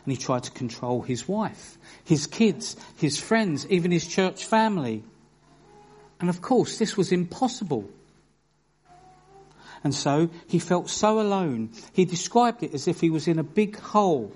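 A man preaching a sermon, telling stories with earnest emphasis and reading scripture aloud in a measured way. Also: a little high, very animated, darkish tone, breathy edge. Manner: earnest storytelling with bursts of emphasis.

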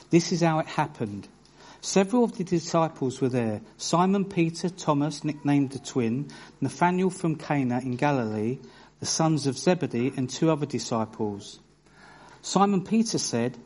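A man preaching a sermon, his voice sitting a bit higher than most men's. He tells stories with earnest bursts of emphasis. He reads scripture in a steady, measured way.

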